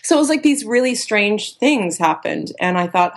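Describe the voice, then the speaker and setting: Woman life coach, interview guest; chatty storyteller with a creaky, gravelly edge who acts out the voices she quotes. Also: medium pitch, big pitch swings, moderate pace. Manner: chatty, with many fillers and restarts.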